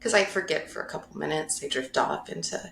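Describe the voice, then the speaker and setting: A woman's voice: sits low, steady tone, brisk, vocal fry, fairly bright tone, a little hiss or hum. A woman guest in a conversation, telling a personal story openly and emotionally, laughing often and correcting herself as she goes. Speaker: podcast guest, mindfulness facilitator. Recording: roomy echo.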